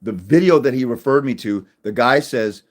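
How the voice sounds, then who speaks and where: A middle-aged man talks straight to camera in a crude, confrontational rant. He trips over restarts, then punches his points hard and loud, his pitch leaping up. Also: lively intonation, normal speed. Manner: combative, crude, many restarts, swings loud when making points. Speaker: fathers' rights advocate. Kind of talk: blunt direct-to-camera rant.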